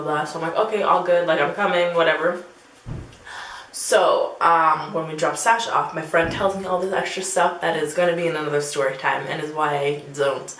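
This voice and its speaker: Young woman vlogger, chatty storyteller who acts out every quote, slightly low voice, echoey room with a faint hum. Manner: animated, acts out quotes, many "like" fillers. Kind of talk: storytime vlog.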